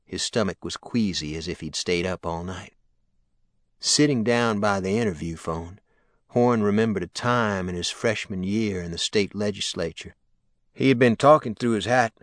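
A man reading an audiobook in a steady, matter-of-fact way. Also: low-pitched, dry recording. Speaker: narrator. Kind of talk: audiobook narration. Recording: dry close studio sound.

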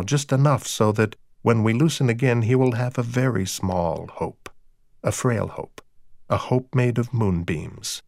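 A man narrating dark fiction in a slow, hushed, measured and cold manner. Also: fairly low pitch, no echo, clean studio sound.

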